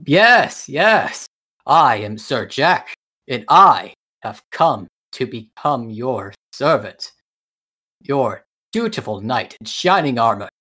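A man's voice: mid-range voice, big pitch swings, takes it slowly, pushed and bright, breathy edge, exaggerated voice. A man doing a pompous vain knight. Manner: pompous, fawning boasts.

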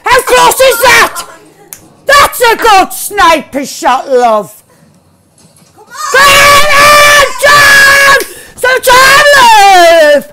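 A woman giving excited gameplay commentary as a streamer, shouting, swearing and cheering at the action. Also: very high-pitched, drawn-out words, crowd noise, noisy background. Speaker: gaming streamer.

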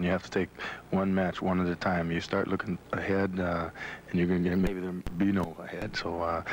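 Wrestling champ guy, low voice, really flat, calm and plain, faint hiss. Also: poor audio. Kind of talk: interview answers.

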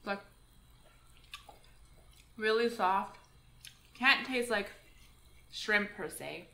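A woman with a bright, clear voice chatting over a hot pot meal. She teases playfully and laughs easily. The small camera on the table catches her with a roomy echo. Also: medium pitch, very slow, slight background noise. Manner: teasing, playful, laughs often. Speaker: vlog co-host. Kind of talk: casual chat while eating. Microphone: GoPro camera on the table.

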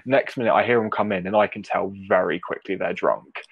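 A young man guesting on a podcast, chatting casually and telling animated stories with loud acted-out quotes. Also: low voice, fairly quick, gravelly, breathy edge, no echo, highs cut off. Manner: animated storyteller, acts out quotes loudly. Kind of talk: casual chat.

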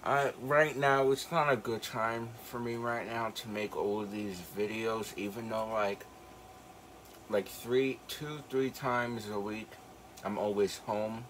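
A man's voice: lowish voice, steady tone, takes it slowly, fairly bright tone, a little hiss or hum, poor audio. A teenage young man with a slight retainer-affected speech impediment, chatting casually in a rambling, hesitant way. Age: late teens. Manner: rambling, hesitant, lots of fillers. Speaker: video reactor. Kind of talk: casual chat.

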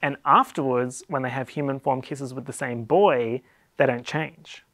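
A man's voice: medium pitch, measured pace, a bit bright, no echo. An Australian man hosting a comedic explainer video, talking in a playful, wry and sarcastic way. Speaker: YouTube host.

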